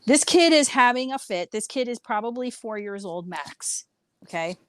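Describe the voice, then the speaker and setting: A woman co-hosting a casual podcast chat, telling a lively story and laughing often. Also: on the high side, normal speed, no room sound. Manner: animated storytelling, frequent laughs. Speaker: podcast co-host.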